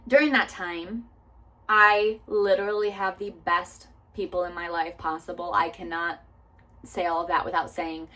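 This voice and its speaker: A woman's voice: lowish voice, a bit bright. A woman in her twenties talking candidly and earnestly in a sit-down vlog, full of likes and restarts, with casual swearing and moments close to tears. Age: 20s. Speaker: vlogger.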